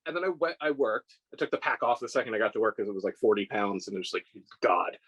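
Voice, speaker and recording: A man's voice: on the low side, expressive, rapid-fire, slightly rough, rough recording. Rambling, self-deprecating man in his forties. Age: 40s. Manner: rambling, self-deprecating storyteller with many restarts and laughs. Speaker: scale model maker, guest. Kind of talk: casual interview conversation.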